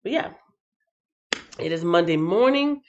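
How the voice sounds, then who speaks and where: A woman hosting a casual livestream, who sounds tired after a night shift. She reads out chat comments in an animated, playful way and breaks into sing-song bits. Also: fairly low pitch, a little slow, highs cut off. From Texas. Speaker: livestream host.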